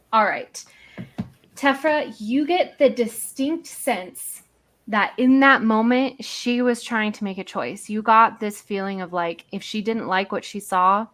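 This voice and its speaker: A woman runs a tabletop game, describing the scene in loose, casual narration. Her voice sits at a middling pitch, and she pauses to think aloud between phrases. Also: a bit bright. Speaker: game master.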